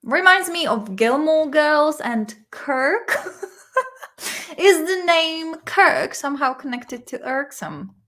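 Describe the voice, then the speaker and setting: Woman, slightly high voice, unhurried, casual study chat, repeats words aloud, swears casually. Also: lively intonation, bright, forceful tone. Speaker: English vocabulary vlogger.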